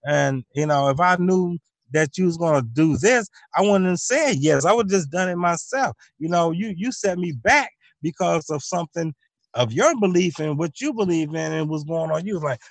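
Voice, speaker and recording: A man with a somewhat high speaking voice hosts his own show and riffs through a long comic monologue. He circles back, repeats himself and keeps acting out both sides of imagined exchanges. The recording is dry and close, with no room sound. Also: animated, moderate pace, no room sound. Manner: loose, repetitive storytelling with many restarts. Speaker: show host.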